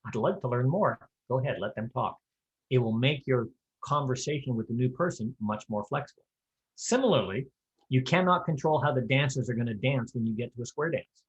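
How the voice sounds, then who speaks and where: A man's voice: mid-range voice, brisk, dull audio. Folksy man teaching square dance calling. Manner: conversational, folksy and practical, with offhand humor. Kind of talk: instructional talk.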